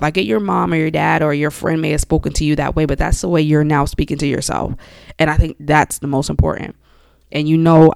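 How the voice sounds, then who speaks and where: A woman's voice: low voice, creaky, no room sound, clean studio sound. A young woman hosting a motivational self-help podcast, talking straight to the listener in a conversational, coaching way. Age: young adult. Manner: conversational, coaching the listener directly with frequent "you know". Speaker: podcast host.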